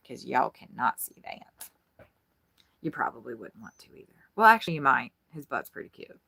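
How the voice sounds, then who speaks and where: A woman's voice: low-pitched, moderate pace, creaky, bright, forceful tone, dry recording. A woman vlogger giving a rambling, frank tour of her RV, chatting casually and swearing freely. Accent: Midwestern American. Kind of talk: casual chat. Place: inside an RV.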